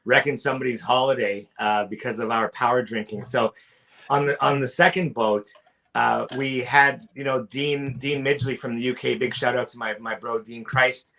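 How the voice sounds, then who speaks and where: A man telling stories in casual podcast chat, animated, acting out the people he quotes. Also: medium pitch, normal speed, gravelly.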